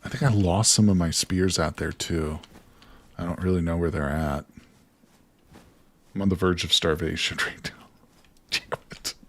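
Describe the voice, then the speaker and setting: A man commentating live on his survival gameplay, talking to viewers and swinging between quiet mutters and excited outbursts. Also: deep voice, normal speed, long pauses. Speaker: gaming streamer.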